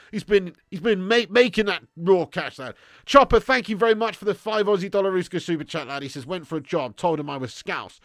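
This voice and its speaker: A man's voice: high voice, dry recording, studio quality. A tired man hosting a live football watch-along, reading viewer messages with sweary, blokey banter. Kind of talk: live stream chat reading super chats.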